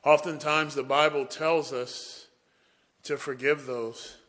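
Bright-voiced preacher man. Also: fairly high pitch, fairly even intonation, slow pace. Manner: folksy storytelling, often says "boy". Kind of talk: sermon.

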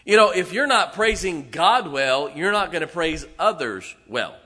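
A man, preaching emphatically as a pastor and now and then singing slowly. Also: a little high, very animated, pushed and bright. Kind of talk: sermon. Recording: reverberant church hall.

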